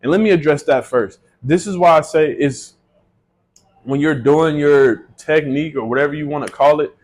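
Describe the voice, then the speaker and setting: A man with a slightly high voice talks straight to camera in a loose, conversational monologue. He swears freely and jokes as he goes, recorded close on a small personal mic. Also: a little mellow. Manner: profane, joking, conversational. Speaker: manifestation vlogger.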